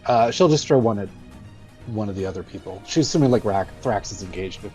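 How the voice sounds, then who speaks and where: A man's voice: on the low side, lively intonation, brisk, darkish tone, soft background music. A man speaking casually as a player at a tabletop game, rambling and swearing.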